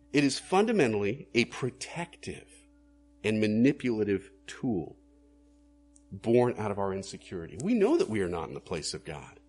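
Male pastor, sermon delivery, husky voice, lively swinging pitch, earnest questions. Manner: earnest, questioning, rising to emphatic bursts.

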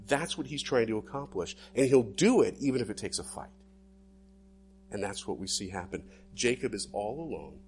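A pastor preaching a sermon, animated, acting out inner thoughts dramatically. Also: male voice, medium pitch, slight background noise.

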